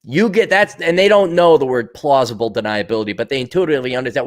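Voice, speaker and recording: A man's voice: mid-range voice, sing-song, fast, hardly any pauses. A man hosting his own show, talking bluntly and profanely in a casual monologue and acting out the voices of people he quotes. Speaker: podcast host answering viewer comments.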